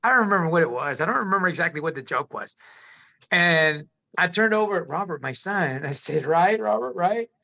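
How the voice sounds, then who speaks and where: A man's voice: a little high, expressive, quick pace, bright, forceful tone. A middle-aged man, a podcast guest, telling his life story candidly in a rambling way, restarting sentences and calling the host "man" often. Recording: dull lo-fi audio.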